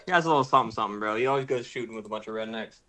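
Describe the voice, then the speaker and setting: A man's voice: fairly low pitch, rapid-fire, fairly bright tone, slight background noise. A young man chatting casually with friends on a stream, his speech packed with slang and filler. He hops from point to point, tossing "bro" and "dude" into nearly every sentence. His delivery is loose and conversational. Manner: slangy, says "bro" and "like" constantly. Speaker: streamer host. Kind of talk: casual chat.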